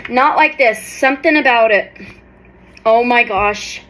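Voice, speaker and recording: A woman in her thirties doing an excited unboxing vlog, gushing and exclaiming often. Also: on the high side, measured pace, noisy background. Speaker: tarot reader and vlogger.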